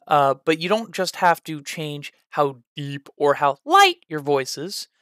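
A man's voice: on the high side, measured pace, clean tone, no room sound. Rambling man with a dry, close sound. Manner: rambling with frequent "uh" fillers; lively, trying out voices as he explains. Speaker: tabletop role-play tutorial host. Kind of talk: casual advice video.

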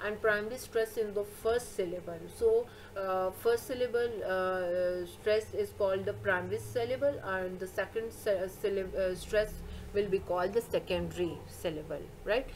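A woman teacher gives a recorded English grammar lesson. She explains points slowly, repeats herself and often pauses on "uh". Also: medium pitch, fairly even intonation, a little mellow, rough recording. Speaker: school teacher.

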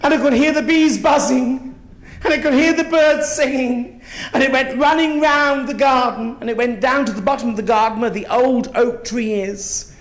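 A man's voice: very high-pitched, normal speed. A man, performing live on a theatre stage as a grand but foul-mouthed elderly queen mother. He tells his stories in a mock-genteel way and lands them with crude punchlines. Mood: bawdy. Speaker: drag comedian. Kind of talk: live stand-up drag act.

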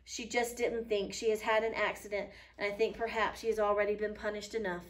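A woman reading aloud the lines of a gentle, thoughtful young pioneer boy in a soft, earnest voice. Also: medium pitch, little pitch movement, brisk, lightly acted. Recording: voice a little far from the mic.

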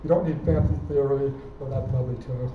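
A man's voice: mid-range voice, steady tone, fast talker, narrow, tinny audio, a little hiss or hum. Distant, phone-thin man in an echoey hall. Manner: explanatory, walking through a technical example step by step. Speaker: conference speaker. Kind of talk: conference talk.

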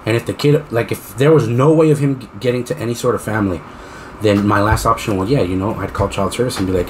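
Profane, animated podcast co-host man. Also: lowish voice, fast talker, a little hiss or hum. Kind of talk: casual podcast chat.

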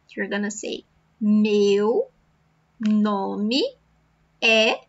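A woman teaching a beginner language lesson, speaking slowly and patiently and repeating each word for practice. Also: fairly high pitch, animated, pushed and bright. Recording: slightly dull lo-fi sound.

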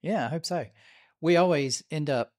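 A man's voice: on the high side, normal speed, a little mellow. A man hosting a podcast, greeting and introducing his guest in a friendly, hesitant way with many fillers. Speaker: podcast host. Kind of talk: casual interview chat.

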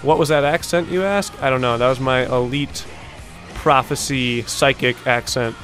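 A young man hosting a video-game montage reaction, talking casually, swearing often and bursting out in excited disbelief. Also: medium pitch, normal speed, soft background music. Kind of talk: casual gaming reaction commentary.

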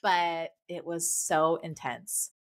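A woman in her thirties co-hosting a podcast, telling a story in animated casual chat and laughing often. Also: on the low side, takes it slowly. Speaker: podcast co-host.

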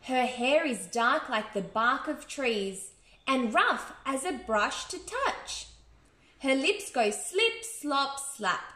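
Australian woman, expressive bedtime storyteller, high and lively, roomy sound. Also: slow. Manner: expressive, sing-song, with sound effects. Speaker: children's storyteller. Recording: echoey room.

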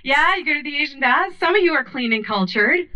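A woman's voice: high-pitched, a little fast. A woman performing a stand-up comedy set on a club stage, telling stories animatedly into a handheld mic. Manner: animated storytelling with many voices.

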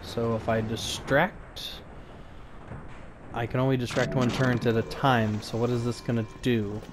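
A man giving a relaxed let's play commentary, thinking aloud in a flat, low-key way and often repeating small words. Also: measured pace, background noise. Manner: low-key, flat delivery despite interest. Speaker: gaming channel host.

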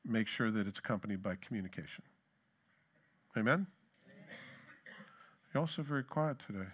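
A man's voice: fairly low pitch, lively intonation, moderate pace, husky. A man preaching a sermon as pastor, talking in a loose, joking way and reading scripture aloud with building emphasis. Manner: conversational and joking, reads scripture with rising emphasis. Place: church sanctuary.

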